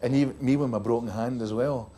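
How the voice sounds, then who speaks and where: A man's voice: medium pitch, steady tone, fast, warm tone, slight background noise. A middle-aged man with a Scottish accent telling a comic story from a rugby tour, acting out the other voices as he goes. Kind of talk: comic after-dinner storytelling.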